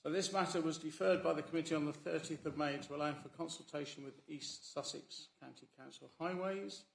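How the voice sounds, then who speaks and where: A man's voice: fairly high pitch, fairly quick, creaky. A man chairing a council planning meeting, speaking with fillers and self-corrections at a desk microphone. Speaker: committee chair. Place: council chamber. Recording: echoey council chamber with faint room noise.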